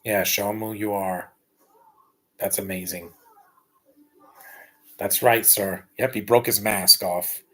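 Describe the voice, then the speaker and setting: A man's voice: lowish voice, steady tone, slow pace, pauses often, pushed and bright, breathy edge. A man giving casual, blunt and rambling live commentary while rewatching a film. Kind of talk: casual opinionated watch-along commentary.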